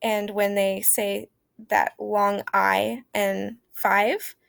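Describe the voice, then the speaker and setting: A young woman teacher from Oklahoma gives an informal lesson on early math ideas, speaking casually and hesitantly with many fillers. Her medium-pitched voice is monotone, gravelly and extremely slow, captured in a dry, studio-quality recording.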